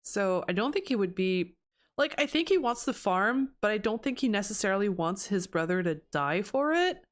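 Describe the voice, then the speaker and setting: A woman's voice: mid-range voice, big pitch swings, moderate pace. A woman giving casual, chatty commentary over her own gameplay, reacting aloud as she goes.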